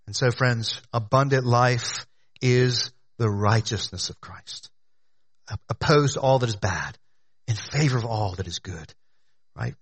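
A man preaching a sermon in a conversational way, talking to the congregation as "y'all", rising to loud emphatic lines and dropping to hushed ones. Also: lively intonation, measured pace. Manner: swings between loud emphatic rises and hushed low drops. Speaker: pastor.

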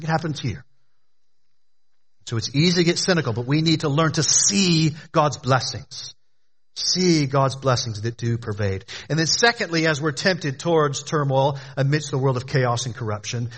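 A man's voice: medium pitch, fairly bright tone, breathy edge. A man preaching a sermon as pastor, with emphatic, repetitive phrasing, sometimes speaking directly to the children in the congregation.

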